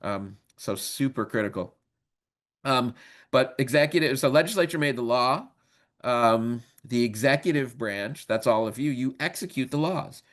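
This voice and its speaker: A man's voice: mid-range voice, normal speed, fairly bright tone. A man in his fifties who has worked as a lawyer, giving a casual, joking training webinar lecture with many ums. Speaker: legal trainer.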